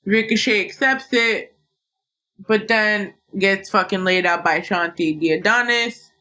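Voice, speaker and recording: A woman's voice: medium pitch, unhurried, sharp tone. A woman hosting a casual wrestling podcast, recapping bluntly and swearing freely. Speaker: podcast host.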